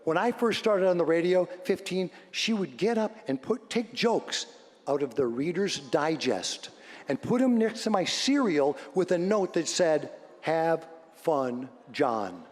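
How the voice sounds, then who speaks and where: A middle-aged man, a radio host, giving an energetic storytelling speech to a live audience, swinging from shouts to hushed moments. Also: sits high, a little slow. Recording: long hall reverb.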